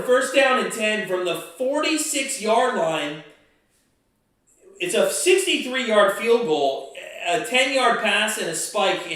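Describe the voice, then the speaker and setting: A man hosting a live stream, giving excited play-by-play of a football game and breaking into angry shouts and swearing. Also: high voice. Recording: very echoey room.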